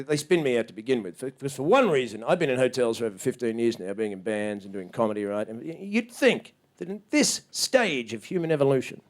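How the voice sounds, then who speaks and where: On a small club stage, a man performs stand-up, ranting and swearing in disbelief. He jumps into loud, high shouts to act out other people.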